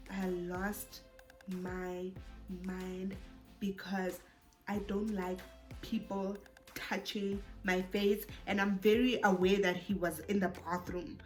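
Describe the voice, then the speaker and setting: A young South African woman telling a storytime vlog, animated and code-switching, who rises into exasperated bursts. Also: medium pitch. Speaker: YouTuber.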